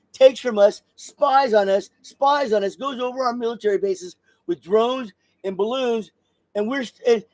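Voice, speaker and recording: Heated high-voiced man ranting live. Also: darkish tone. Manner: heated and repetitive, with stumbling restarts. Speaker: podcast host. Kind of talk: live political rant.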